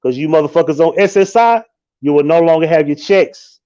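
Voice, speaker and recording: A man's voice: fairly high pitch, fairly quick, muffled recording. Profane ranting man on a livestream. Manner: profane, loud and mocking. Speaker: livestream host. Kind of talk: casual live-stream rant.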